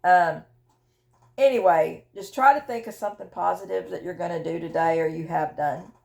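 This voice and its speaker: Older widow, personal vlog; low, gravelly, slow, halting and emotional, repeats herself. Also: female voice, darkish tone. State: widowed, tearful. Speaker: vlogger sharing her grief journey.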